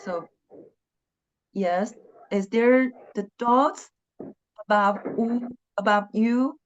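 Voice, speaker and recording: A woman teaching an online language lesson, talking slowly and patiently and repeating syllables and tones again and again. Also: on the high side, lo-fi sound, slight background noise. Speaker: Chinese teacher.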